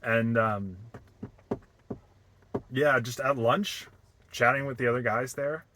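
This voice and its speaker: Slow, halting young man vlogging. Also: medium pitch, pushed and bright. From Boston. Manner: halting, many fillers and restarts. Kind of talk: casual reflective vlog.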